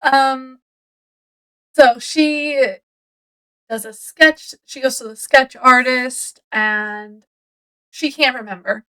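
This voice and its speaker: A woman casually retelling a mystery novel's plot in a book review, rambling and full of fillers, often trailing off quietly. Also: high-pitched, slow, pauses often, smooth, low-quality recording. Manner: rambling, retells scenes with quoted voices; lots of fillers, trailing off softly.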